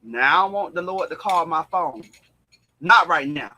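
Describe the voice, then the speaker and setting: A man's voice: fairly high pitch, expressive, measured pace, sharp tone. A man co-hosting a casual chat, sassy and dramatic, calling people girl and honey.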